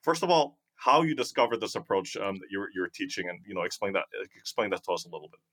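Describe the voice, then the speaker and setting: A man's voice: on the low side, animated, fast talker, a bit bright. A man hosting an interview, asking rambling questions and laughing now and then. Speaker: podcast host.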